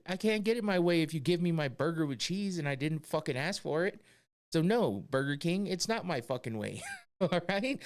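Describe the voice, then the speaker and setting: A man's voice: fairly high pitch, animated, fairly quick. A man hosting a podcast, ranting casually with lots of swearing, exasperated and often breaking into laughter. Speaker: podcast host.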